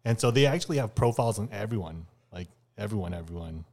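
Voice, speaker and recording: A man's voice: on the low side, animated, fast talker, creaky, a little mellow. A man in a casual group chat, rambling through an explanation with fillers like um and like.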